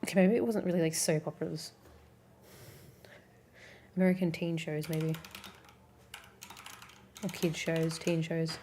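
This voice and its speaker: Young Australian woman streamer, low voice, rambling and giggly, lots of fillers. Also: steady tone, moderate pace, pauses often, warm tone, a little hiss or hum. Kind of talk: casual chat with live chat.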